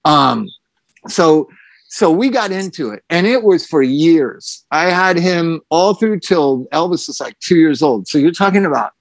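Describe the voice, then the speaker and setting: A middle-aged man telling a story in casual chat, animated, laughing often and acting out what others said. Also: fairly high pitch, unhurried, no echo. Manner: animated, laughing, quoting others in put-on voices.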